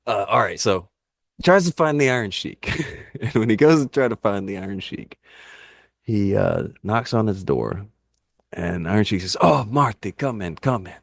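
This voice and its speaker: A man in casual podcast chat, telling animated, rambling wrestling anecdotes and laughing at his own jokes. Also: on the low side, normal speed, creaky, no echo, clean studio sound. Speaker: podcast guest, wrestling YouTuber.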